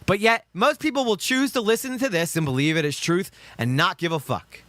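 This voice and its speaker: A man's voice: high voice, fairly quick, pushed and bright, no room sound. A man with a Southern US accent giving heated, profane reaction commentary on videos.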